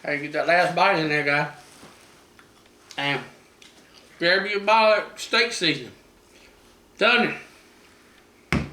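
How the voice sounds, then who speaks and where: A man's voice: a little high, takes it slowly, long pauses, sharp tone, low-quality recording. A middle-aged man hosting a casual home cooking demo, chatty and folksy, talking to viewers as guys. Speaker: cooking show host. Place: home kitchen.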